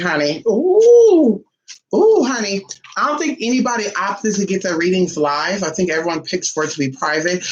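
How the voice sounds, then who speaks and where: A woman talking casually to her viewers in a sassy, profane monologue, full of drawn-out teasing asides. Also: lowish voice, a little hiss or hum, low-quality recording. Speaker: spiritual vlogger.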